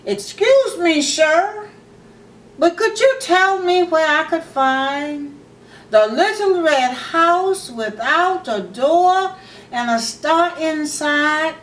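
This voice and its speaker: Eager little boy on a quest, told by a woman storyteller; slow, courteous, distant mic. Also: high voice, lively intonation, a bit bright, voice pushed up, exaggerated voice. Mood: polite. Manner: politely asking, hopeful. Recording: echoey room, mic far off.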